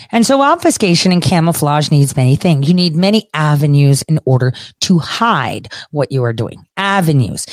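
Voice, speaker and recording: A woman's voice: on the low side, no room sound, studio quality. A middle-aged woman giving a solo political commentary, emphatic and repetitive, asking herself rhetorical questions.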